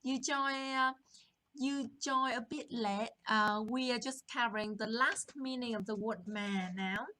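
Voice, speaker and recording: Woman teaching live, talks slow and patient, voice sits a bit high. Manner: slow, patient explaining with chat shout-outs. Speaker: language teacher. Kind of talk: live-streamed language lesson.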